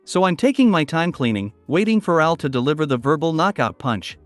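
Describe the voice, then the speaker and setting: A man narrating online stories in a steady, even reading voice. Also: on the high side, brisk, no room sound, soft background music.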